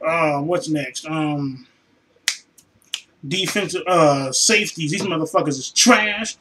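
After a football loss, a fed-up man vents in his room in a raw, unscripted fan vlog, his voice high and bright. He speaks slowly, sighing heavily and sliding into tired mutters before erupting into profane shouting, all on a low-quality recording with faint hiss or hum.

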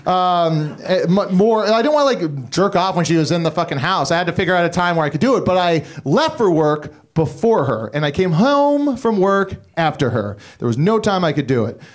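A man's voice: sits high, sing-song, normal speed, few pauses. A man doing a stand-up set, rambling and self-deprecating, with profane asides and stammering restarts. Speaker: stand-up comedian. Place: comedy club stage. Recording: live club recording with audience laughter. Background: audience laughing.

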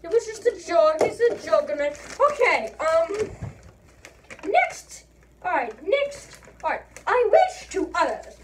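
A very high-pitched woman chatting unhurriedly over her game, rambling and goofy, with her voice bouncing up and down. She sits back from the microphone with a faint noise in the background. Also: very animated, a little slow, distant mic. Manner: rambling and goofy, full of ums and uhs. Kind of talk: casual game commentary.

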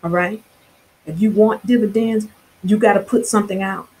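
A woman's voice: medium pitch, fairly even intonation, normal speed, a little mellow, a little hiss or hum, low-quality recording. A woman vlogger delivering an impassioned spiritual monologue to her viewers, fervent and preachy, with casual slang and frequent restarts.

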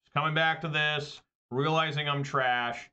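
A man's voice: on the high side, steady tone, a little slow, pushed and bright, clear, resonant tone. A man, a streamer and family man, venting to his viewers in a casual rant, exasperated and swearing freely as he runs himself down. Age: adult with wife and kids. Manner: exasperated, profane, self-deprecating venting. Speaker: streamer and channel host.

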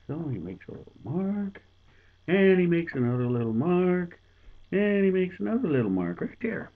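A man's voice: on the high side, big pitch swings, moderate pace, a little hiss or hum. Folksy man telling a joke. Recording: tinny phone-like sound.

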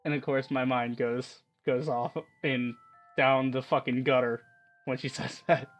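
An excitable man hosting a let's-play who rambles through his game commentary and laughs often. He talks loosely and off the cuff, jumping between thoughts, his voice at a middle pitch with soft music behind him. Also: unhurried.

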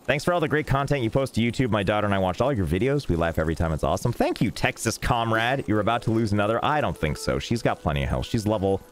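A young man casually streaming a game, rambling and joking in deadpan asides. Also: lowish voice, quick pace, hardly any pauses. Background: faint game music.

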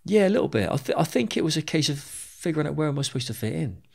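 A middle-aged man recounts his own past as a podcast guest in a frank, unpolished way. His voice has a gravelly edge, and he swears freely and often doubles back on his words mid-sentence. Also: on the high side, big pitch swings, fast, darkish tone. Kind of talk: candid storytelling interview.

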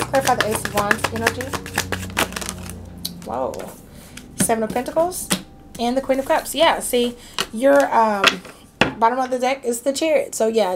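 Woman, tarot reader, casual and chatty, reassuring, slight background hiss. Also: mid-range voice. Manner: chatty, reassuring, frequent okays and fillers. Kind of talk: casual tarot reading to camera.

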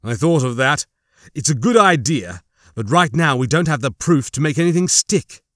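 Guy reading a calm formal leader type, measured, dry close mic. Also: fairly high pitch, dry recording.

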